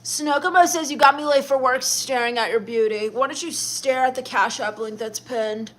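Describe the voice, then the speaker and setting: A young woman hosting a livestream, reading viewer comments aloud in a deadpan, dismissive, sarcastic comedic manner. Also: high voice, normal speed. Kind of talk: in-character comedic livestream chat.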